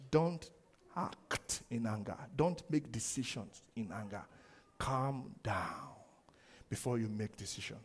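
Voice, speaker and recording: A man preaching a sermon, animated, laughing often and acting out the quoted lines. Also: mid-range voice, takes it slowly, slightly rough. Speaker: pastor.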